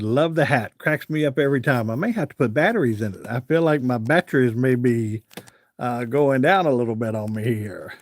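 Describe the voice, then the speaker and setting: A man's voice: medium pitch, no room sound. A man hosting a casual live stream, reading viewer comments aloud in a folksy way and laughing often.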